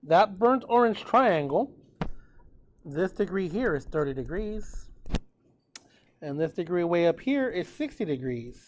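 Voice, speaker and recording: Upbeat male math teacher, slightly high voice. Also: measured pace, pauses often, slight background noise. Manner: relaxed and chatty, checks in with students often. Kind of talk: classroom lecture recorded with notes.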